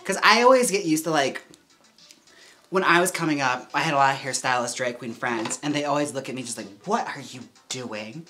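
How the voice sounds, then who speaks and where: Low bright-voiced woman hosting a livestream, giggly chatty vibe, lots of "like". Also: brisk, soft background music. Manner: chatty, giggly, heavy use of "like". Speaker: livestream host styling a wig. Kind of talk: casual livestream chat.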